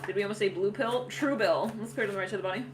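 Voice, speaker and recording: A woman's voice: mid-range voice, very fast, noisy background. A woman giving a casual tarot reading, rambling with lots of fillers and frequent laughter. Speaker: tarot reader.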